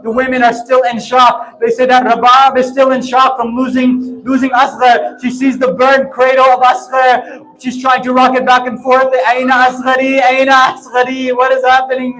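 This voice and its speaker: A man's voice: very high-pitched, flat delivery, normal speed, a bit bright, slight background noise, rough recording. A man giving a mourning sermon, telling the story through tears, impassioned and sobbing. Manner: tearful, impassioned storytelling, breaking into sobs. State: crying. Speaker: preacher.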